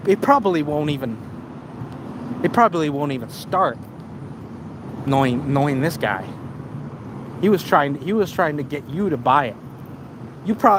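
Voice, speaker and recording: Casual male streamer, rambling and halting, slightly high pitch; noisy outdoor traffic backdrop. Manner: rambling, stumbling restarts and repeats. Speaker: live streamer. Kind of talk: casual storytelling to a live chat.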